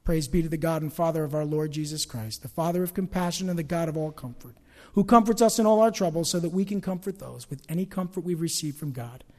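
A pastor preaching a sermon, swinging between loud emphatic lines and quiet asides. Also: male voice, a little high, quick pace, long reverb tail.

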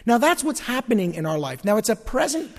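Male pastor, high lively voice, church hall reverb, folksy preaching. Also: fairly quick. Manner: animated preaching, folksy asides. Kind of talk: sermon.

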